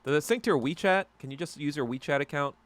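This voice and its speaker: Talking fast in a voice on the high side, with no room sound, a solo podcast host rants casually. His speech is laced with heavy profanity and keeps trailing off into fillers and restarts.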